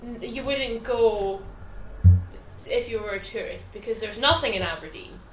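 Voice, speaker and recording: A woman's voice: a little high, moderate pace, a bit bright, reverberant, faint music behind, rough recording. A young Scottish woman co-hosting a podcast, chatting casually with many hesitant fillers. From Scotland. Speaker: podcast co-host. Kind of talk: casual chat.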